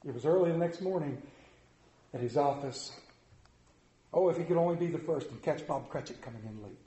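A man's voice: fairly high pitch, brisk, mellow, echoey room, poor audio. A male pastor reading a story aloud in church, then leading prayer in an earnest, rhythmic preaching cadence.

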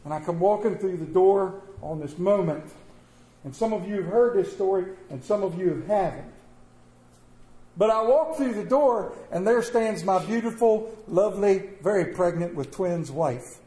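Folksy middle-aged guy telling a story to a crowd, kinda high mellow voice, echoey room. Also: normal speed. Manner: folksy, animated, with a rural drawl in his wording. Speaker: storyteller speaking to an audience. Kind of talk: personal storytelling. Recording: echoey room with faint ambience.

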